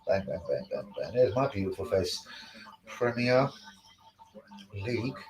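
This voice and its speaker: A man's voice: fairly low pitch, measured pace, roomy sound, poor audio. Sweary man live-streaming football chat. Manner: sweary, excitable, talks to chat.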